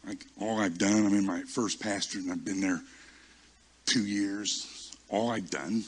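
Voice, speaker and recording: Husky male preacher telling stories. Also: on the low side, steady tone. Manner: storytelling, self-mocking, halting restarts. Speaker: pastor. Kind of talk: sermon with personal stories.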